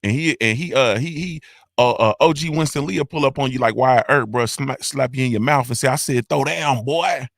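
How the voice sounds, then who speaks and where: A male host doing casual livestream shout-outs in a loud, hyped, sing-song roll call full of slang. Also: mid-range voice, fairly quick, no echo, studio quality.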